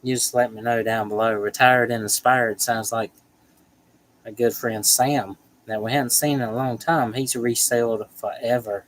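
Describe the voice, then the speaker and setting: A man's voice: mid-range voice, fairly even intonation, a little slow, a little hiss or hum, poor audio. A man hosting a casual livestream, reading viewer comments aloud in a chatty, joking way. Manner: chatty, joking, laughs often. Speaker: livestream host.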